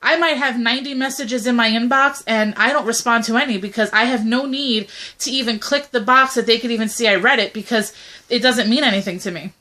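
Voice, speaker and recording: Young woman, co-host; blunt, opinionated casual chat, bright tone. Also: fairly high pitch, a little fast. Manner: blunt, animated, mimics quoted voices. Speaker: co-host of a talk video.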